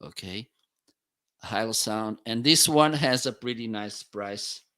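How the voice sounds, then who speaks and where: The reviewer's voice sits a bit low yet sounds bright, and he takes his time as he demos microphones. In a casual, explanatory live stream, he tries out studio mics attached to a boom arm.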